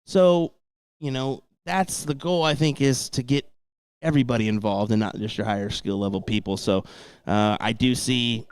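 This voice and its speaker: A man commenting live on a darts match, chatty and relaxed, often answering with a quick "yep, yep". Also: medium pitch, clear, resonant tone.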